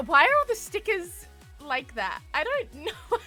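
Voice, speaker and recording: Giggly high-voiced woman streaming. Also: moderate pace, soft background music. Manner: giggly, frantic and excitable. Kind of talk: casual live stream chat.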